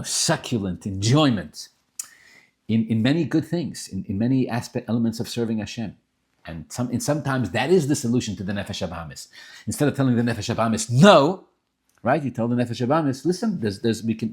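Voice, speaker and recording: Animated man teaching a Torah class. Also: lowish voice. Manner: animated, rising emphatic bursts, many restarts; sprinkles Yiddish and Hebrew terms. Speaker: rabbi teaching Tanya.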